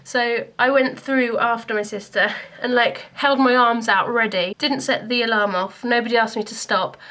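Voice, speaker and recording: A woman's voice: fairly high pitch, fairly bright tone. A young woman from Scotland, talking to camera in a chatty, self-deprecating vlog. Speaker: YouTuber.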